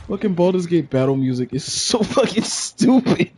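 This young gamer's voice sits high and a little mellow, swinging widely in pitch at a moderate pace with hardly any pauses, and there's a slight hiss or hum. He chats casually on stream, cursing, laughing a lot and singing goofy nonsense syllables.

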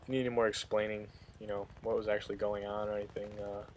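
A young man talking casually over his gameplay footage, his voice on the low side and fairly monotone. He rambles through his thoughts, full of fillers and false starts. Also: fast, a little hiss or hum. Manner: rambling, filler-heavy storytelling. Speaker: gameplay commentator.

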